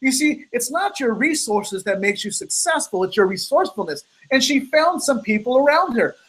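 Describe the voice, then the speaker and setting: A man hosting a weekly live motivational call, telling a story and acting out the dialogue with big jumps in pitch. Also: very animated, normal speed, fairly bright tone, slightly rough, rough recording.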